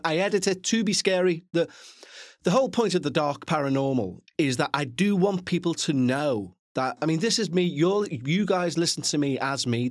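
A man's voice: mid-range voice, dry recording. Bloke chatting to his listeners, rambly, swears a bit, dry close mic. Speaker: podcast host. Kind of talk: casual chat to listeners.

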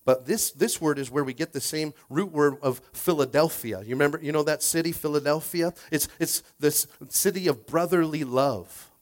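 A man's voice: normal speed, hardly any pauses. A man pastor preaching a casual, conversational sermon, repeating his words and coaxing the congregation to respond. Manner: acts out quoted voices with shifts in pitch and loudness.

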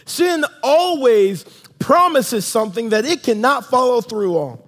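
Male pastor, emphatic sermon, call and response with the congregation, high voice, long hall reverb. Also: lively intonation, measured pace, a bit bright. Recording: long reverb of a large room.

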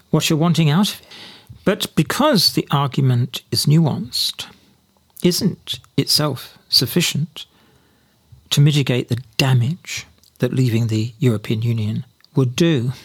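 Male commentator from Britain, sardonic, mid pitch, mocks the other side. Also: slightly rough. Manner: sardonic, mocks opponents with quoted voices; some slips and repeated words. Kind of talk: spoken political commentary.

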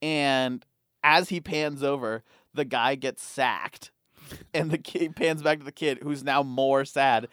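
Animated young man in a dry, close sound. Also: takes it slowly, dry recording. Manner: animated storyteller, acts out quotes in loud high voices. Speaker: podcast co-host. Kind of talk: casual chat.

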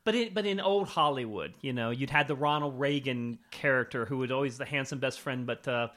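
A man co-hosting a casual film discussion, thoughtful and quick to laugh. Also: medium pitch. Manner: lively, thoughtful, laughs easily. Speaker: podcast co-host.

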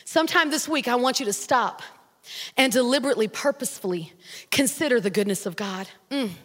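A middle-aged woman pastor, preaching a sermon with animated storytelling that rises to shouts, in a large church hall. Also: on the high side, fairly quick. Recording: long hall reverb.

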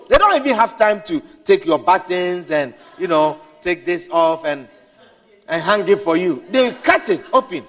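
A man preaching a sermon, swinging from hushed storytelling to shouted exclamations, repeating words and adding hallelujah and amen. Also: sits high, very animated, moderate pace, slight background noise. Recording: long hall reverb.

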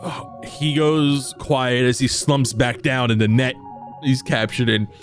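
A man narrating as game master of a tabletop game in a playful, animated way. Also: mid-range voice, unhurried, faint music behind.

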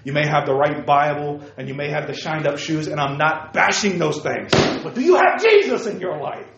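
Preaching a sermon to young people at a moderate pace, a man with a somewhat high, lively voice calls listeners by name and peppers them with rhetorical questions. His delivery shifts between loud exclamations and hushed asides. The audio is dull and roomy, echoing off the walls, with heavy background noise.

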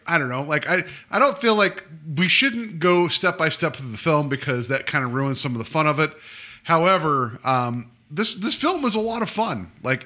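A man talks up a movie with enthusiasm, stumbling over restarts as he goes. His voice is fairly high and bright, and it rises and falls a lot. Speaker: podcast co-host. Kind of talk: casual film review chat.

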